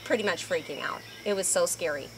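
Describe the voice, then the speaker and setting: A woman co-hosting a casual couple's video, telling stories in an animated, emotional way. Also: on the low side, quick pace, slight background noise. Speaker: co-host of a couple's channel. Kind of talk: casual chat.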